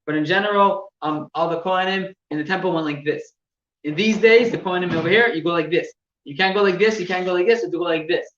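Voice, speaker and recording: A man teaching religious laws to a class, explaining step by step with halting repeats and gestures. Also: high-pitched, a bit bright. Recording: echoey room, distant mic, dull sound with faint noise.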